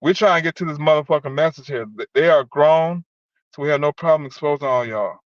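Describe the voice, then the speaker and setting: A man's voice: on the high side, fast talker, no room sound. A man doing profane, heated casual commentary while reacting to chat and reading it aloud. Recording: dull lo-fi dry sound.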